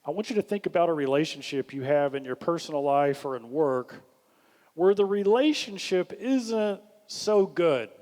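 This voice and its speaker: A man giving a leadership workshop talk, animated, acting out the questions he suggests. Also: fairly high pitch, normal speed. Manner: animated, acts out questions in a lifted voice. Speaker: workshop speaker. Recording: long hall reverb.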